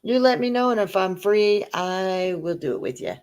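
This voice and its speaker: A woman's voice: mid-range voice, big pitch swings, normal speed, a little mellow. A woman co-hosting a casual live-streamed panel chat, teasing and laughing often as she acts out other people's lines. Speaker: livestream panel co-host.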